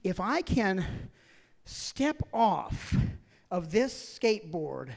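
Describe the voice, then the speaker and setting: A male comedian performs a story on stage. His voice sits very high for a man. He tells it in an excitable, animated way. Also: very slow, vocal fry, in a large hall. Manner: excitable, animated, with bursts of laughter. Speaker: stand-up comedian. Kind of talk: stand-up storytelling.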